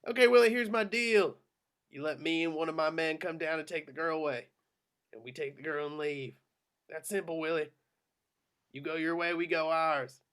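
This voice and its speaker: A man's voice: fairly high pitch, moderate pace, fairly bright tone, clear, resonant tone, close to an everyday voice. A man reading the part of a brash American officer in an amateur script reading, drawling and coaxing.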